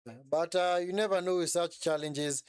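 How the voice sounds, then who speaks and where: A man's voice: fairly high pitch, normal speed, clean tone, no echo, studio quality. A man hosting a live football watchalong, reacting to the play as it happens, repeating phrases and tagging sentences with "eh?". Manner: excitable, repeats phrases, frequent tag "eh?". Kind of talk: live match commentary and chat.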